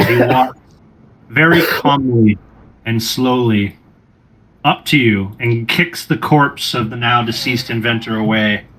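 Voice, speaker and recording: A man narrating a tabletop game as game master, describing the scene in steady, descriptive terms. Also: medium pitch, slow.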